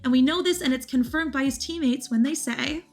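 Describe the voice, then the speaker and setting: A woman's voice: high voice, a little fast, faint music behind. A woman hosting a gaming video, giving an earnest, cautionary voice-over about gameplay clips.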